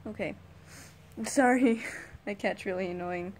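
A woman's voice: on the high side, drawn-out words, long pauses. A teenage girl vlogging a casual rant to camera, rambling and sighing as she complains. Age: teens. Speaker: YouTube vlogger.

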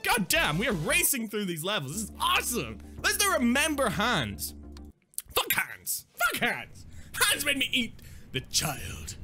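A young man playing through a game on camera, his voice high and bright with very wide swings in pitch. He reacts loudly, swears freely and keeps up silly running commentary. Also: normal speed, faint music behind. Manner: excitable, swearing, laughing, silly asides. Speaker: gaming YouTuber. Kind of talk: Let's Play commentary.

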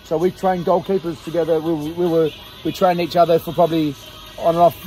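A man's voice: on the high side, level tone, brisk, dark tone, faint music behind. An Australian man in his thirties, filming a casual campsite vlog with mates, teasing and laughing a lot. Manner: jokey, teasing, laughs often. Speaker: vlogger. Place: campsite outdoors at night.

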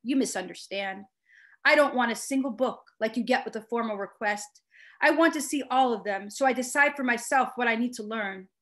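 An earnest young male medic from a storybook, pleading with quiet, steady insistence, voiced by a woman reading aloud. He sits in a fairly high register and never lets the matter drop. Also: a little fast, lightly acted.

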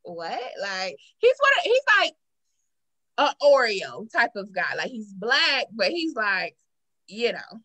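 Woman podcast host, bright voice, kinda high, acts out all the quotes. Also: takes it slowly, rough recording. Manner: animated storyteller, acts out quotes. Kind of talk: casual chat, retelling a show.

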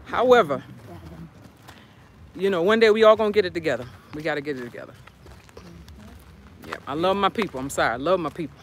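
A woman's voice: lowish voice, expressive, brisk, pauses often, slight background noise. A woman who is an educator, talking earnestly and from the heart in a casual outdoor live stream.

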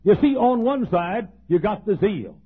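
A man's voice: sits high, expressive, unhurried, slight background noise. A man preaching a sermon in a folksy way, chuckling and restarting his sentences as he goes. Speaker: pastor. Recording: tinny phone-like old tape.

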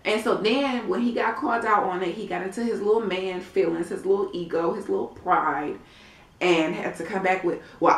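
A woman with a lowish voice chats through a casual episode recap, blunt and profane, full of slangy asides. She sounds a little away from the mic, in a room with a noticeable echo. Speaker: TV episode reviewer. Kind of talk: casual recap of a reality show. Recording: echoey room, mic at a distance.

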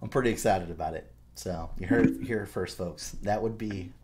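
A man co-hosting a podcast, telling a story in animated, profane casual chat. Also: deep voice, moderate pace, very noisy. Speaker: podcast co-host.

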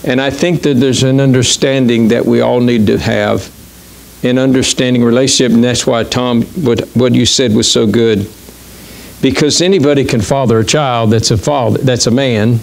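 Gravelly-voiced male pastor preaching. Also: medium pitch, fairly even intonation. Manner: conversational, halting with many fillers and restarts. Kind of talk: sermon. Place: church.

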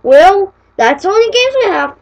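A woman's voice: very high voice, very animated, normal speed, voice pushed up, full character voice, low-quality recording. A woman voicing a stubborn, bossy computer operating system that curtly refuses requests, in a homemade cartoon video. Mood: dismissive.

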